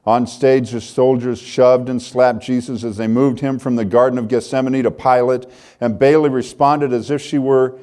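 A man's voice: medium pitch, steady tone, normal speed, darkish tone. An older man preaching a sermon, reading a story aloud in an earnest, heartfelt way.

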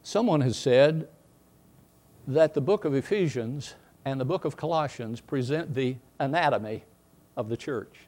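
A man preaching a sermon, swinging from quiet asides to emphatic, rising bursts. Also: mid-range voice, unhurried. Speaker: pastor.

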